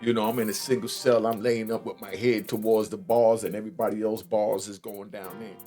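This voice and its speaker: A man's voice: lowish voice, level tone, brisk, warm tone, faint music behind. Older man telling a streetwise story. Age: 60s. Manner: streetwise slang, rambling with restarts and asides. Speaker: host. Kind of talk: casual storytelling commentary.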